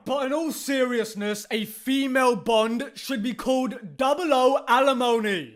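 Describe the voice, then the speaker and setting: A British man delivering a sarcastic online rant with a very high-pitched voice. He swings between dry mockery and loud, indignant bursts. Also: unhurried, few pauses. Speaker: YouTube commentator. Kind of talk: ranting commentary.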